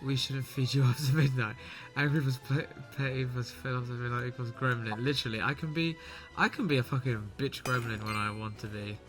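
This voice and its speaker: A man chatting casually over a livestream, laughing easily and swearing without a second thought. Clear game music plays under his voice. He speaks at an ordinary middle pitch. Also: brisk. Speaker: streamer. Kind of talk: casual chat while playing.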